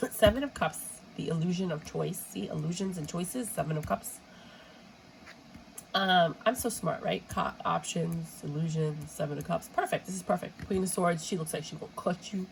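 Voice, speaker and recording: A woman's voice: on the low side, creaky, a little hiss or hum, poor audio. Chatty woman doing tarot, stuffy nose. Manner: chatty and rambling, drops in Spanish exclamations. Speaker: tarot reader. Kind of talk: casual tarot reading for viewers.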